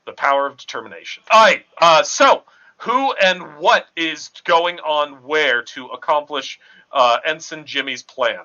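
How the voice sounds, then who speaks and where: A man acting as game master, talking in a halting way with many fillers. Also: fairly high pitch, bright, forceful tone. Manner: halting, filler-heavy narration. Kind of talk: running a tabletop game over a call. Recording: dull lo-fi audio.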